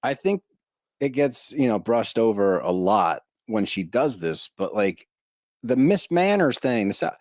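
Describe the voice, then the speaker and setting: A young man co-hosts a casual reality TV podcast, his voice swinging lively through its pitch. He talks animatedly and swears freely, recorded dry and close on a studio mic. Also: unhurried, no echo. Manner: animated, swears, mimics cast members' voices. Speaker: podcast co-host.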